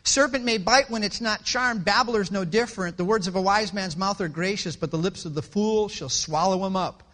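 A middle-aged male pastor preaching a sermon with passion, swinging from loud to hushed. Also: sits high, normal speed.

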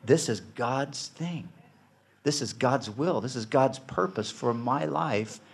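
A man of middle pitch speaks earnestly and reflectively about faith and marriage. He leans on "you know" and restarts his thoughts often. He sounds sincere and unhurried. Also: gravelly, husky. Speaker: Christian husband sharing testimony.

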